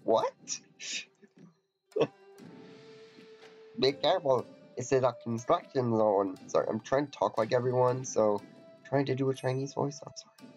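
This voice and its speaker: Over faint game music in a dull lo-fi recording, a man plays through a game, reading its dialogue and making casual jokes and mumbled asides. He speaks unhurriedly in a darkish mid-range voice, leaving long pauses.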